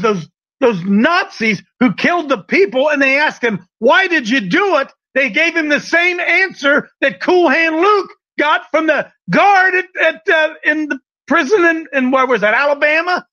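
A man preaching an impassioned sermon, swinging between shouted declarations and quieter, lower asides. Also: lively intonation, measured pace. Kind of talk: fiery sermon. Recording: dull lo-fi recording.

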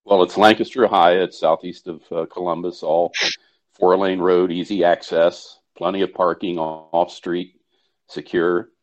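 Deep-voiced halting male guest. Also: flat delivery. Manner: halting, many fillers. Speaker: guest organizer. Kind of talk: call-in guest chat. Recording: dull lo-fi sound.

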